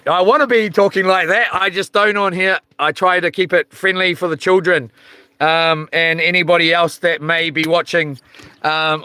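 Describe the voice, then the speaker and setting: A man's voice: a little high, bright, forceful tone, clear, resonant tone, dry recording. A man hosting a casual live stream outdoors by the sea at night, rambling and hesitant with many ums. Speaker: channel host live-streaming.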